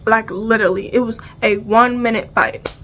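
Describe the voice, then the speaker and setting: Here a woman with a fairly high pitch talks at normal speed, telling a storytime for her vlog. It's animated and slangy, with repeated phrases and performed sounds and dialogue throughout.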